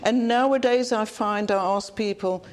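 A woman's voice: mid-range voice, measured pace, a little mellow. South African woman, conference preacher; earnest, blunt, repeats lines for emphasis. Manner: earnest, plain-spoken preaching with repetition. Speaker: conference speaker. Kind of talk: sermon.

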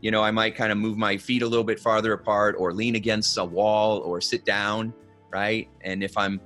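A man with a lowish voice explains things at an easy podcast pace. He coaches the listener step by step and keeps checking in with a quick "okay?" or "right?". Soft music sits faintly behind him. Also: level tone. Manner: coaching, instructive, asks "okay?" and "right?" often. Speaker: guest expert on body language. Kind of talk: conversational podcast advice.

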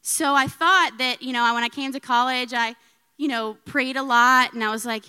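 Woman, 30s, speaker at a faith talk. Smooth, higher voice, conversational testimony, reverberant hall. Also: fairly even intonation, moderate pace, sharp tone. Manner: chatty, frequent "right?" tags, laughs often. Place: church hall with audience.

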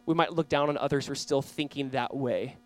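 A young man preaching a sermon, animated and storytelling, acting out quoted voices. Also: mid-range voice, fairly quick. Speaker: pastor.

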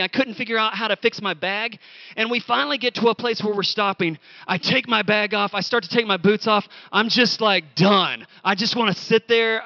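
A man preaching a sermon, telling a story with animated, acted-out quotes. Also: high voice, creaky, no room sound, lo-fi sound. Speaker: pastor.

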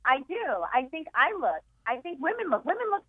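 Calling in as a guest comedian, a woman chats casually, jokes, and laughs often. Her high voice is very animated and fairly quick, coming through a tinny, dry phone line.

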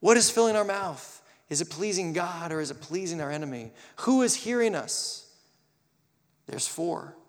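Male youth preacher, high voice, lively delivery, echoing hall. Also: normal speed. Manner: animated, acts out quoted voices. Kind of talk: sermon. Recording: long hall reverb.

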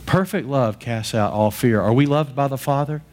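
Man preaching in animated storytelling. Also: mid-range voice, normal speed. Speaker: pastor. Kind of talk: sermon.

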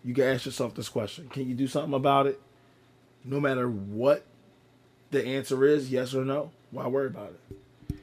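A man co-hosting a casual podcast, his voice hoarse and worn out. He speaks openly and reflectively at a middling pitch, cursing now and then and repeating words to drive a point home. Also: steady tone, moderate pace, long pauses. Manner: open and reflective, swears freely, repeats words for emphasis. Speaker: podcast co-host. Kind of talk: candid casual podcast chat.

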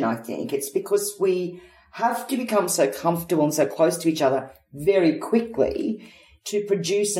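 A woman's voice: low-pitched, dark tone. Theatrical Australian woman in a roomy space. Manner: theatrical storyteller, acts out quotes. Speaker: guest, head of acting. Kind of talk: anecdotal interview chat. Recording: roomy echo.

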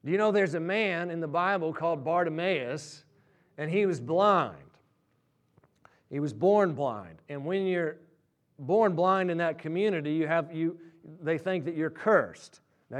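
A man delivers a sermon to a congregation, his voice sitting a little high. He tells stories in an easy way, then climbs loud and higher as they build to a peak. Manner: storytelling, rising loud and high at climaxes. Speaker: pastor.

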